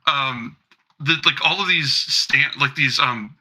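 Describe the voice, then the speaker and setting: A man's voice: mid-range voice, slow, sharp tone, a little hiss or hum, poor audio. A man narrating as game master of a tabletop role-playing game, rambling casually with many fillers and the odd swear.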